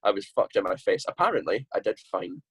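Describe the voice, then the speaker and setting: A Scottish man with a husky, somewhat low voice tells a tour story as a podcast guest. He rambles, restarts and swears casually. The sound is dry and close. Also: big pitch swings, fast talker, fairly bright tone, no echo. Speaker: guest musician.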